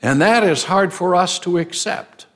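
Guy preaching a bible sermon, emphatic, says things twice for stress, slow pace. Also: high voice, fairly bright tone. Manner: emphatic, repeats phrases for stress. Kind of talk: expository sermon.

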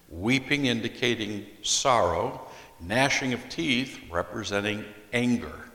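Slow-speaking pastor in an echoey hall. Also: male voice, mid-range voice, animated, bright, forceful tone. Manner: deliberate, reads scripture aloud and explains it. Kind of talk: expository sermon. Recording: echoey hall with long reverb.

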